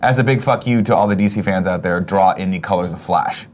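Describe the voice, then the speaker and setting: A man's voice: sits low, quick pace, a crowd in the background. A man hosting a casual morning chat show, joking and swearing as he banters with co-hosts. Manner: animated, jokey, profane banter. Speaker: show host.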